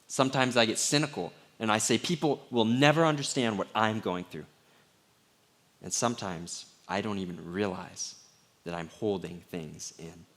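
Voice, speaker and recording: A middle-aged man preaching a sermon as pastor, candid and conversational, sometimes dropping to a hushed voice. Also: lowish voice, moderate pace.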